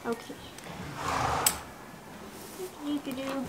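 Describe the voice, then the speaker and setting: A woman's voice: high-pitched, a little slow. Bubbly young woman vlogging at a barn. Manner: bubbly, chatty, playful commentary. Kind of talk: casual horse barn vlog. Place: outdoors at a horse barn. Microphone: action camera. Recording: noisy outdoor camera audio.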